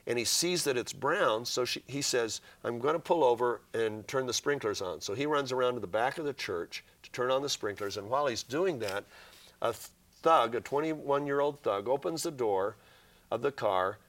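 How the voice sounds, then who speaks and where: A man's voice: medium pitch, animated, normal speed, a bit bright. A man, a guest author on a Christian interview program, telling a story in an earnest way and reading scripture passages aloud with feeling.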